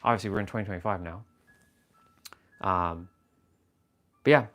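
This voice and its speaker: A man hosting a livestream from a room at home, telling a personal story in a casual, animated and confessional way, swearing freely. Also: low voice, moderate pace. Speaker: livestream host.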